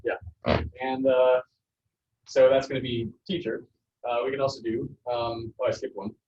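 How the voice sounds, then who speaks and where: A male teacher talks his class through Spanish pronunciation, pausing often with ums and uhs. The recording is dull and lo-fi, with a faint hiss. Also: medium pitch. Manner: relaxed, halting explanations with many fillers. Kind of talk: classroom lesson.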